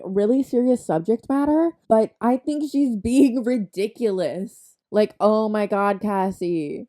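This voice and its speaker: A woman's voice: medium pitch, mellow. A young woman recapping a TV show in a chatty, sarcastic way, full of slang and asides. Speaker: recap commentator. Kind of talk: comedic TV recap narration.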